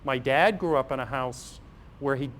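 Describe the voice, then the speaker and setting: A man's voice: mid-range voice, moderate pace, fairly bright tone, slight background noise. A middle-aged man, a priest and physician giving an anecdotal parish talk and acting out dialogues with humor. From Massachusetts, USA. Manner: storytelling, acts out dialogues with humor. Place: parish hall.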